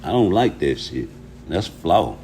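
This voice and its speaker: A man's voice: low voice, sing-song, measured pace, dark tone, slight background noise. A man hosting a livestream, ranting at his chat about boxing in a profane, heated way, arguing with viewers. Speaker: boxing commentary streamer.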